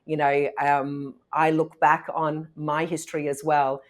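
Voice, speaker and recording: A woman's voice: low-pitched, little pitch movement, unhurried. A woman hosting an interview, enthusiastic and chatty with fillers like 'you know'. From from abroad. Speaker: podcast host.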